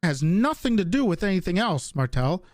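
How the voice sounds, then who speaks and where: A man's voice: high-pitched, big pitch swings, a little fast, no echo, studio quality. A man in an in-character roleplay argument, hesitant and stammering as he defends himself. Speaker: police department leader in roleplay.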